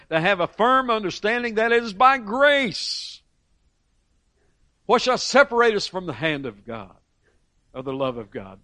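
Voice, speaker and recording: Emphatic high-pitched male preacher. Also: fairly bright tone, no echo. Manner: earnest, emphatic, with frequent restarts and read quotations. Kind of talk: sermon.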